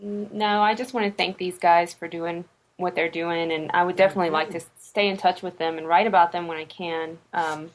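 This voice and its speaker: Low-voiced, emotional young woman. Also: fairly even intonation, fairly quick, poor audio. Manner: emotional, grateful, soft. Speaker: veteran guest. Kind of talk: radio interview talk.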